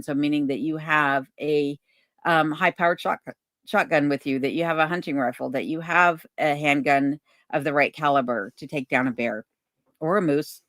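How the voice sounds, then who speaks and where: In a low voice, the host of a laid-back livestream Q&A reads viewer comments aloud and responds slowly, filling pauses with lots of ums. She's broadcasting from her home cabin in remote Alaska. The audio is studio quality with no echo.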